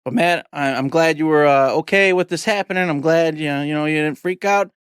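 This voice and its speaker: A male podcast host chats casually in a loose, rambling way, slipping jokes into his lines. His voice sits at an ordinary pitch and sounds dry and close, with no room echo. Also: brisk, fairly bright tone, clean tone.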